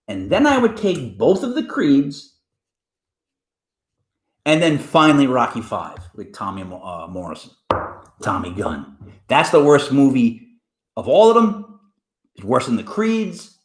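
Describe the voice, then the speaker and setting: A man's voice: mid-range voice, roomy sound. An older man hosting a sports talk show, giving his casual opinions with rambling restarts and plenty of fillers. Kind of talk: casual opinion rant to camera.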